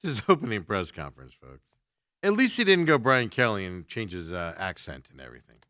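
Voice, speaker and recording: A man's voice: lowish voice, big pitch swings, fairly quick, sharp tone, dry recording, clean studio sound. A man hosting a sports talk show, chatting casually with lots of fillers as he reacts to viewer comments.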